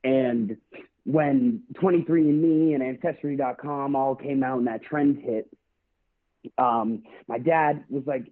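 A man's voice: medium pitch, steady tone, takes it slowly. A young man in his twenties, a podcast host, telling a story in a laid-back casual chat full of fillers. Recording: tinny phone-like sound.

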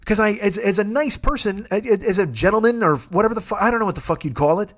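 A man's voice: sits high, fast, a bit bright. A man hosting his own show in a casual comic monologue, rambling and profane with a wry tone. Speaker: podcast host.

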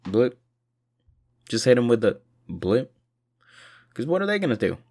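A man's voice: mid-range voice, sing-song, moderate pace, a little mellow. A tired man rambling profanely through a casual video monologue, short on sleep. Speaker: vlogger.

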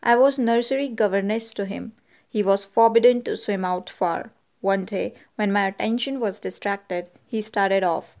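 A woman's voice: mid-range voice, moderate pace, darkish tone, close to an everyday voice. Woman reading a trembling young governess. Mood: distressed. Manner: trembling, pleading.

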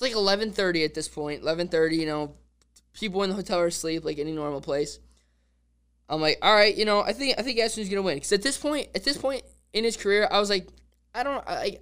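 A man hosting a podcast, talking in a casual, excitable and rambling way, constantly saying "dude". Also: high-pitched, clear, resonant tone. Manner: rambling fan talk with restarts. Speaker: podcast host.

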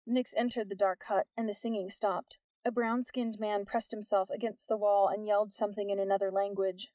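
A woman reading a novel aloud as the narrator, telling it at a steady storytelling pace. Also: mid-range voice, dry recording.

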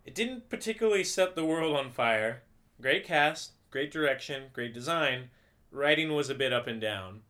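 A man's voice: medium pitch, expressive, normal speed, bright, forceful tone. A man co-hosting a podcast, chatting casually and rambling with lots of "like", tired after a late party. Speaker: podcast co-host. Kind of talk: casual chat.

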